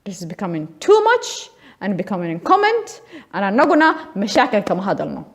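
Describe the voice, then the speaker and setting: Impassioned woman, lively pitch. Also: fairly quick. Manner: switches between Somali and English, pleading and scolding. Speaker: community vlogger. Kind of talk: impassioned appeal to camera.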